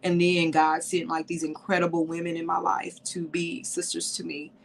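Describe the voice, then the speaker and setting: Teary and sniffling, this woman hosts a livestreamed podcast for women, pouring out emotion and dropping "y'all" often. She speaks at a moderate pace in a lowish register with little pitch movement and some vocal fry, and there's a slight hiss or hum on the audio.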